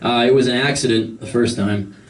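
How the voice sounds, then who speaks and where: This club set was recorded from the room, so the crowd's laughter comes through and the man sounds far from the mic. He rambles through loosely told, filler-heavy stories, his mid-range voice fairly even in intonation and a little quick.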